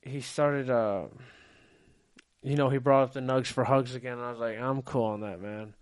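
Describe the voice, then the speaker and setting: A man tells a story on a podcast, lively and loose, acting out every line of dialogue as he goes. His voice sits in an everyday middle pitch, and he swears freely while he talks. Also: normal speed. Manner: animated storyteller, acts out quotes, swears freely. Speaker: podcast co-host. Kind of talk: casual storytelling chat.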